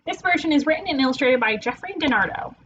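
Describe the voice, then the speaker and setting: Expressive woman teacher reading aloud. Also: high-pitched, fast, lo-fi sound, background noise. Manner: expressive, playful storyteller. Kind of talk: children's read-aloud.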